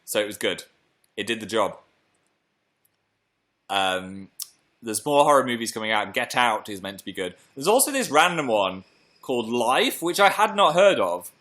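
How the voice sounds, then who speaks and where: A man's voice: mid-range voice, very animated, normal speed, long pauses, a bit bright. A young British man hosting a casual live stream, chatting playfully and reading out viewer comments. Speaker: livestream host.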